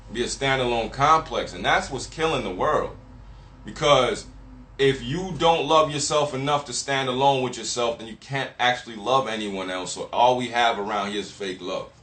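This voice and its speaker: This Miami vlogger's voice is medium-pitched and a bit bright, with a slight hiss or hum in an echoey room. Speaking to camera, he goes on a casual, profanity-laced rant that keeps repeating itself, hammering his points in a preachy way.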